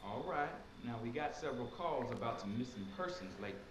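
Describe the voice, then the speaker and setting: An actor voicing a suspicious, condescending police deputy in a horror game. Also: male voice, medium pitch, expressive, quick pace, lightly acted. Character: suspicious, smug small-town deputy. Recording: echoey, distant, noisy game audio.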